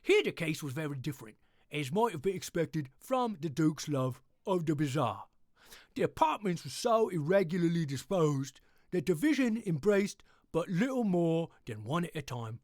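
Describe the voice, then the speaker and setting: A man putting on a cheerful English accent to read a gothic tale aloud in a theatrical, drawn-out way. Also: fairly high pitch, sing-song, darkish tone, no room sound, clean studio sound. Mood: sprightly. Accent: put-on English. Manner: theatrical, drawn-out emphatic reading. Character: cheerful upbeat English male storyteller. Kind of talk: dramatic horror story reading.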